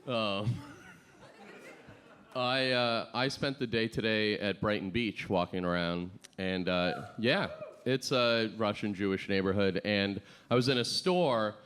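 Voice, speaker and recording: A man doing a stand-up set with a halting, deadpan delivery full of fillers and restarts. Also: lowish voice. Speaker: stand-up comedian. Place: comedy club stage before a live audience. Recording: loud crowd laughter and noisy club ambience.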